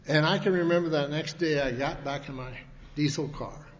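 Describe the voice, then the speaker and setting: A man's voice: on the high side, normal speed. A middle-aged man from Montana telling his recovery story to an audience, folksy and rambling, with constant restarts and colloquial grammar. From Montana, USA. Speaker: speaker at a recovery convention. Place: large convention hall. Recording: long hall reverb, dull lo-fi archival tape, faint hiss.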